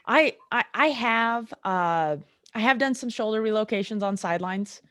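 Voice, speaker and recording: A middle-aged woman chiropractor, a guest on a casual podcast, telling sideline stories in an animated way and acting out the people in them. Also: a little high, moderate pace, no echo, clean studio sound. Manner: animated storyteller who acts out the people she describes.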